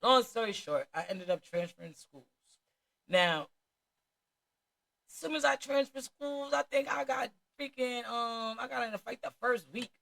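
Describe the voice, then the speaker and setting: High-voiced woman, New Jersey accent, candid storyteller, blunt and profane. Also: a little slow, creaky, a bit bright. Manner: street slang, blunt and profane.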